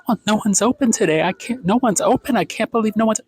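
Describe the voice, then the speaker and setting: A demanding woman in her late thirties with a shrill, put-out whine, mimicked by a man. Her voice sits far above a man's usual register and sounds entitled and fussy. The sound is dry and close. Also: fast talker, darkish tone, breathy edge, no echo. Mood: indignant.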